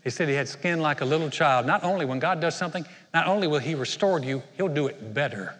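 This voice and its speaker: A man preaching, telling the story with energy and slipping into the voices of the people in it. His voice is high and bright. It rings out with the long reverb of a large hall. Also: fast. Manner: animated storytelling, acts out characters. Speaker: pastor. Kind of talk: sermon.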